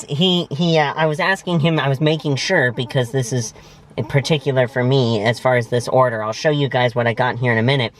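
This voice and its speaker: A man's voice: a little high, a bit bright, slight background noise. A man hosting a casual food review vlog from inside a parked car, talking in an emphatic, gushing way with dramatic word choices. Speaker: vlog host. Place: parked vehicle.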